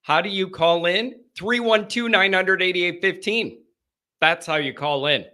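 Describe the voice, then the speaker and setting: A man with a high-pitched voice hosts a live call-in show from a green-screen set. He's energetic, rambling and joking, chatting casually at an unhurried pace.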